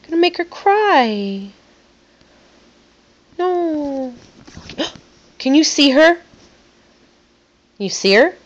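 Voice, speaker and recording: A woman's voice: sits high, animated, extremely slow, long pauses, muffled recording. A woman talking playfully to a toddler in a coaxing, sing-song way, recorded on a phone. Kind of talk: home video chat with a small child.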